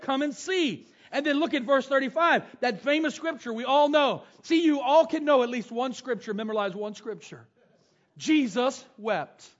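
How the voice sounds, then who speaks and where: A middle-aged man preaching a sermon, reading scripture and telling stories from family life. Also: extremely high pitch. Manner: storytelling, reads scripture aloud and retells it. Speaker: pastor. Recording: dull lo-fi sound.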